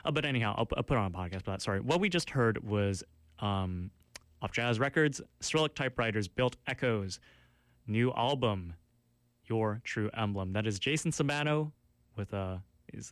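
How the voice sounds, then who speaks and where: A man's voice: mid-range voice, dry recording. A man hosting a campus radio show from the studio, rambling through track notes with many fillers and restarts, and poking fun at himself. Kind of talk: casual radio show chat. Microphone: studio mic.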